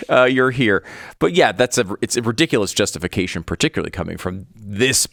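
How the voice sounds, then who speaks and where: A man's voice: on the low side, brisk, gravelly, a bit bright, no room sound, clean studio sound. A man co-hosting a podcast, commenting casually and wryly with chuckles between his remarks. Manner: wry, laughs between remarks. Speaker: podcast co-host.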